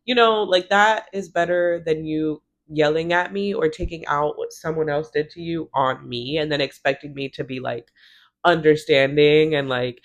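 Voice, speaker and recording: Woman, thirties, chatty vlog recap, lively quoting, frequent laughs. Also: sits low. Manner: animated, quotes characters in quick voices, laughs often. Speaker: recap vlogger.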